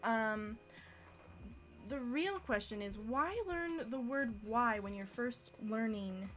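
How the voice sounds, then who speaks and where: A woman's voice: a little high, expressive, slow, fairly bright tone, faint music behind. A young woman giving a casual live-streamed language lesson, chatty and self-deprecating, often laughing at herself. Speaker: language teacher.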